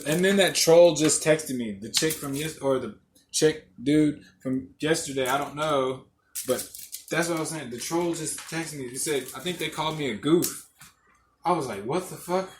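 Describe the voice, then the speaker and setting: Rambling profane man in an echoey room. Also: a little high. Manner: rambling, profane, laughs often. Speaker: podcast host. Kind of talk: casual monologue. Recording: echoey room, faint noise.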